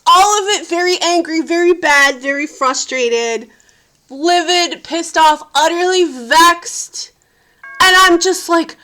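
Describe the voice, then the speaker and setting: A woman's voice: very high-pitched, slow pace, pushed and bright. A sleep-deprived woman, a parent, venting in a casual vlog with profane, exasperated rants. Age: adult parent. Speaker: vlogger.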